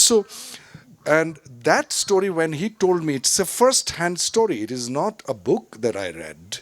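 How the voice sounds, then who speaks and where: A middle-aged actor giving a reflective storytelling talk at a film festival, digressive and full of fillers and restarts. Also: male voice, on the high side, very animated, moderate pace. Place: festival stage or hall.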